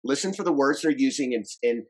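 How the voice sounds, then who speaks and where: A man who grew up in France, coaching on relationships in a casual podcast chat, instructive and energetic, often repeating words. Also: mid-range voice, a little fast, rough recording.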